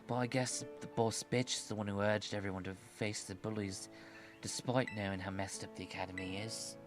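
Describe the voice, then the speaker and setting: A man's voice: lowish voice, steady tone, brisk, music in the background. A man streaming a video game, chatting casually with sarcastic asides and frequent opinions from a desk microphone at home. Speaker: streamer, VTuber. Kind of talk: let's-play commentary.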